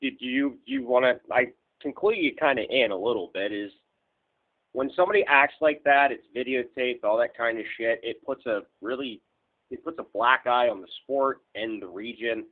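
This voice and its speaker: A man's voice: medium pitch, normal speed. A man hosting a casual podcast chat, giving blunt, emphatic opinions. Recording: tinny phone line.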